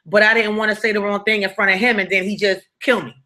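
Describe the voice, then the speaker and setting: A woman hosting a live story-time stream, telling a personal story in an animated, blunt and profane way and often checking in with "right?". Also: mid-range voice, fast. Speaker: storyteller, channel host.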